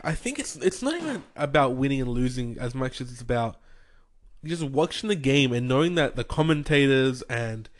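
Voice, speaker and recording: A man's voice: mid-range voice, big pitch swings, moderate pace. Man, young adult, Australian accent, rambling, exasperated, casual podcast chat. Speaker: podcast co-host.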